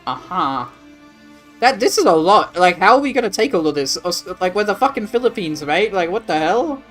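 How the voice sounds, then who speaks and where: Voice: medium pitch, very animated, moderate pace, a bit bright, faint music behind. An Australian streamer chatting casually during a live strategy game, answering chat in a rambling way with plenty of swearing.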